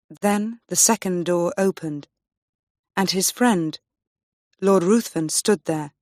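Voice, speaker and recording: A woman teaching English, reading a graded story aloud slowly and clearly for learners. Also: on the low side, a little mellow, no echo, clean studio sound. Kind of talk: slow graded-reader story narration.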